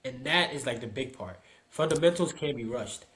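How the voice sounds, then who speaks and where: A man's voice: mid-range voice, moderate pace. A man in casual podcast chat about youth soccer, telling stories and acting out what people said. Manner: animated storyteller, acts out quoted people. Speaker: podcast co-host and soccer dad.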